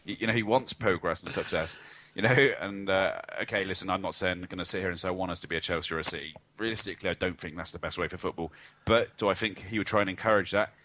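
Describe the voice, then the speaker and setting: A man on a casual football podcast with a very deep voice, talking fast. He rambles through opinionated takes, full of fillers and restarts. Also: fairly even intonation, pushed and bright. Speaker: podcast co-host.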